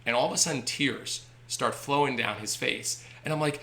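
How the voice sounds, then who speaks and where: A man's voice: medium pitch, moderate pace, vocal fry, hardly any pauses. A man, a baseball team owner, telling stories animatedly on a podcast. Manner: animated, acts out voices in anecdotes. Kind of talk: energetic storytelling on a podcast.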